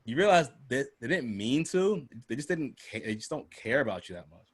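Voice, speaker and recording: A man's voice: medium pitch, expressive, quick pace, few pauses, breathy edge. A man hosting a casual podcast chat, telling loose, profane stories and acting out the people he quotes. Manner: loose, profane storytelling that acts out quoted voices. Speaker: host.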